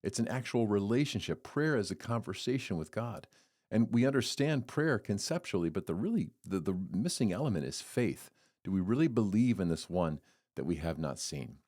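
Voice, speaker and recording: Deep voiced guy doing a casual devotional, earnest, tells stories. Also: normal speed. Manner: earnest, storytelling, lively swings in pitch. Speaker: podcast host giving a devotional.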